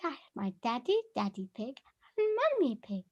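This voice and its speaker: A woman's voice: fairly high pitch, big pitch swings, normal speed, a little mellow, lo-fi sound. A woman voicing a cheerful little girl cartoon pig.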